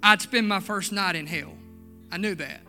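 A man preaches his testimony in a church, with a strikingly high voice and a very bright, forceful tone. He swings between quiet, drawn-out storytelling and fervent outbursts, and soft guitar plays faintly underneath. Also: creaky. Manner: swings from hushed storytelling to shouting. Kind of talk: sermon testimony.

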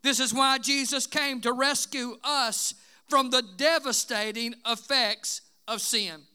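Male preacher, fiery sermon, high and very bright voice, lots of "uh" fillers. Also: slow, smooth. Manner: emphatic, frequent "uh" and "listen", shouting bursts.

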